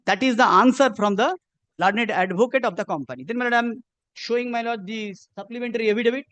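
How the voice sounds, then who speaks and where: A man's voice: very high-pitched, fast, fairly bright tone, dry recording. A man arguing a case before a judge, insistent and formal, repeating "my lord" again and again as he points to pages. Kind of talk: courtroom legal argument. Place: courtroom.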